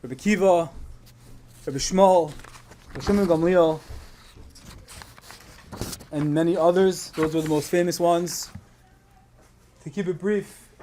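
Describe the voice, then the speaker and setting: A man with a high-pitched voice delivers a sermon as a storyteller. He builds his tale with passion, weaving Yiddish and Hebrew words into his English. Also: slight background noise. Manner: builds to loud impassioned storytelling, Yiddish and Hebrew terms woven in. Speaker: rabbi giving a Tisha B'Av talk.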